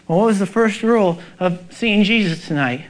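A man's voice: sits high, animated, normal speed. A male pastor preaching a sermon, urgent and emphatic, asking the congregation rhetorical questions.

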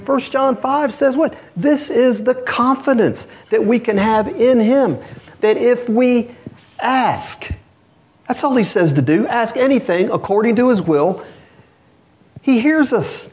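A man's voice: very high-pitched, slow, breathy edge. A man preaching a sermon as pastor, earnest, asking rhetorical questions and reading scripture aloud. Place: church.

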